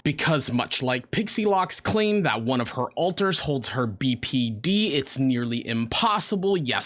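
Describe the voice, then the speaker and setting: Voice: mid-range voice, fairly bright tone. A commentary host talking bluntly and sarcastically, swearing often while picking apart a video. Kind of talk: reaction commentary.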